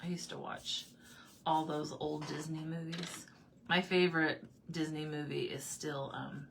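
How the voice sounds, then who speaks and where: A woman with a deep, steady, slightly bright voice talks unhurriedly over a faint hiss or hum. Painting at a desk in a room at home, she chats casually with her livestream viewers, answers their comments and laughs often.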